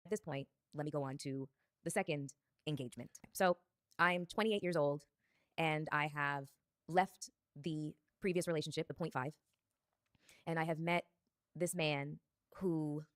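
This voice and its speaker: Woman, thirties, deep voice, dreamy storyteller, soft music bed. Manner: reflective, dreamy, drawn-out phrasing. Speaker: guest telling her life story. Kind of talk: personal storytelling. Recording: faint music underneath.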